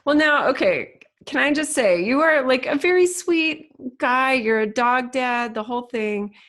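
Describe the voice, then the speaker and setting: A woman's voice: high voice, expressive, unhurried, a bit bright. Curious woman podcast co-host. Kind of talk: casual podcast interview.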